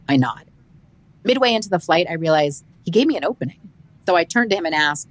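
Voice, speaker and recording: A woman, a comedian hosting her podcast, narrating a travel story in a wry, expressive way. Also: low-pitched, quick pace. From United States.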